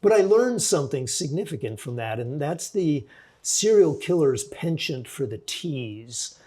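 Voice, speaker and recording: A man's voice: a little high, very animated, mellow, slightly rough. Reflective older man telling a story. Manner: measured, reflective storyteller with frequent restarts. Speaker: author and forensic psychologist guest. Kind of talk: storytelling podcast interview.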